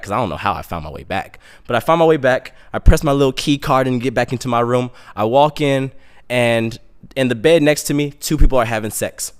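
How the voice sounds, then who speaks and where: A young man telling a comic story in a casual, animated, self-mocking way. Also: mid-range voice.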